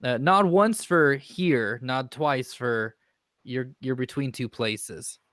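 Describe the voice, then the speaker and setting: A player speaking in character in a tabletop game, slow and searching as they puzzle things out aloud. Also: mid-range voice, fairly bright tone, no room sound, clean studio sound. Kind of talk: in-character tabletop role-play.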